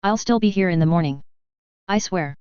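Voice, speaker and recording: A weary young warrior with a dry, teasing wit, as a woman reads him. The voice is low and smooth. The story reading sounds dry and slightly dull. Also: a little fast, darkish tone, no echo, lightly acted. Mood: wry.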